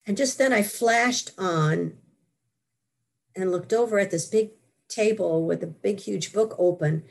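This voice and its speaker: An older woman, a guest author, telling her story in an interview with lively asides and frequent laughs. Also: medium pitch, takes it slowly, gravelly. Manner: animated storytelling, laughs often.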